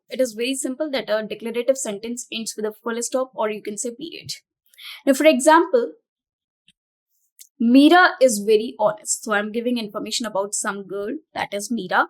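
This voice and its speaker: Higher-voiced woman teaching grammar. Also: normal speed. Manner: explanatory, repeats and rephrases points. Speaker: English teacher. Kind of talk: exam-prep lesson.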